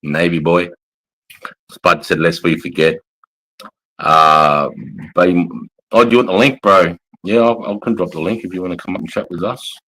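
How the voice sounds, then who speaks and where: A man's voice: low voice, moderate pace, sharp tone, rough recording. A middle-aged Australian man, an army veteran, hosting a casual livestream, blunt and swearing freely as he chats and reads out comments. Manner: blunt, heavy swearing, matey.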